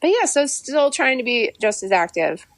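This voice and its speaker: A pregnant young woman co-hosting a podcast, chatting and telling a family story in an animated way. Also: sits high, moderate pace, no room sound. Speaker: podcast co-host. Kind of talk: casual chat.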